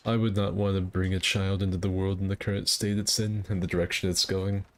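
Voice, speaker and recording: Gaming streamer, male, very deep with vocal fry, loose self-deprecating banter. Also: flat delivery, fairly quick. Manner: rambling, self-deprecating chatter. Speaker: game streamer. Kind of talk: casual gameplay commentary.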